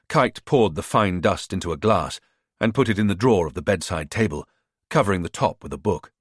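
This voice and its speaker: Low, husky male audiobook narrator. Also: dry recording, studio quality. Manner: expressive, measured storytelling. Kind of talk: scripted narration.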